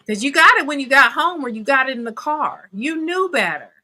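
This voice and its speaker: A woman's voice: sits high, animated, a little fast, bright, forceful tone. A woman in her fifties, a therapist speaking bluntly and emphatically in a podcast discussion, hammering her points home. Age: 50s.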